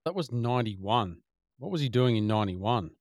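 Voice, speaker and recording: A man co-hosting a movie podcast, briskly reading out trivia about actors. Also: medium pitch, animated, a little mellow, no room sound, clean studio sound. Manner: brisk, reads out facts. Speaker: podcast co-host presenting trivia. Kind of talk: casual movie podcast chat.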